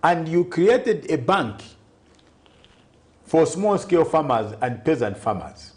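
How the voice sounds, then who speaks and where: A man's voice: fairly high pitch, sing-song, takes it slowly. A party president speaking in a TV studio interview, arguing his case point by point, often checking in with "Okay?" and stumbling on the odd word. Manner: emphatic, argues point by point and keeps asking "Okay?". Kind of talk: TV interview answers.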